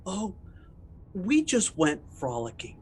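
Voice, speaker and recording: A man voicing a cryptic, unsettling suspect who toys with his interrogator, speaking slowly and deliberately over background music. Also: high-pitched, huge pitch swings, a little mellow, a little hiss or hum, voice pushed up, full character voice. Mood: dreamy. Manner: slow, deliberate, singsong.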